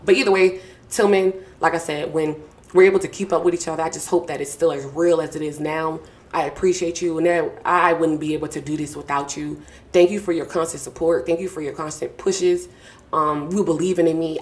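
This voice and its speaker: With a deep voice, a young adult podcast host talks casually and from the heart, warmly and effusively thanking the people close to her in slangy language and repeating her thanks. She records from a small home studio on a podcast mic with a mixing board.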